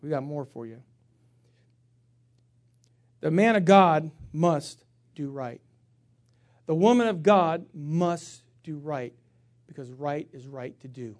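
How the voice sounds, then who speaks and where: A middle-aged male pastor preaching a sermon, swinging from hushed tones to shouting and acting out funny stories. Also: on the high side, animated, slow, long pauses. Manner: acts out funny stories with voices.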